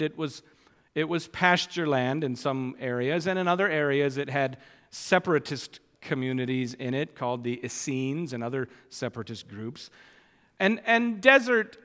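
A man delivering a sermon at an unhurried, measured pace. He lifts his voice with emphasis on quoted scripture. His voice rings out with the long reverb of a church hall. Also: fairly high pitch, fairly bright tone. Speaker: preacher.

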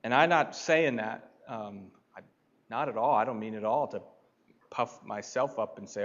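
A man preaching a sermon, deliberate and building to emphatic points. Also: fairly low pitch, highs cut off. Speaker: pastor.

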